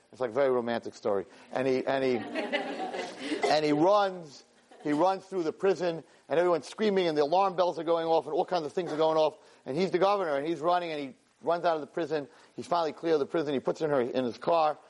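Man telling a story in a class. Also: medium pitch. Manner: excited, repeats words, acts out the characters' lines. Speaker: teacher giving a weekly class. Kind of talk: animated storytelling lesson.

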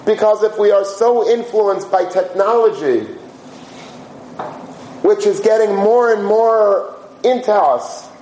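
A man giving an animated sermon-style talk to students, telling stories, asking rhetorical questions and mixing in Yiddish and Hebrew words. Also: sits high, takes it slowly, pauses often. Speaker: yeshiva teacher giving a talk. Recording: roomy echo, faint background hum.

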